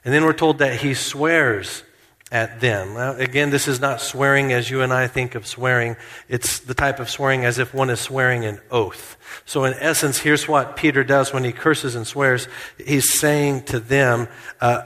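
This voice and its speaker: A man preaching a sermon in a church, earnest and slowing down to stress key points. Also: mid-range voice, a bit bright, long reverb tail. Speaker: pastor.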